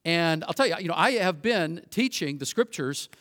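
A man's voice: on the high side, lively intonation, normal speed, sharp tone. A middle-aged man preaching as a guest speaker, talking in a loose, conversational way with frequent restarts and fillers. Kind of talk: sermon.

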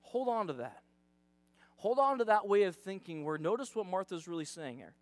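Male youth pastor, casual sermon, high voice, dry close sound. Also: sing-song, moderate pace, no room sound. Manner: chatty, dramatizing, self-deprecating.

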